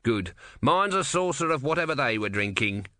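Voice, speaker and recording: A grumpy, bossy tortoise god, as a male reader puts him on, gruff and demanding. The tone is bright and forceful. It is recorded close and dry, with no room sound. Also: medium pitch, sing-song, normal speed, no echo, pitched above the performer's own voice. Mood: bossy grumbling.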